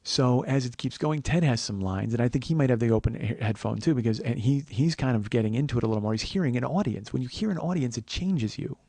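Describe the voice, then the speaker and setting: A man in his forties hosting a comedy podcast, telling a long story in a profane, rambling, animated way. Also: medium pitch, quick pace, creaky, hardly any pauses, dry recording. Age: 40s. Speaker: podcast host.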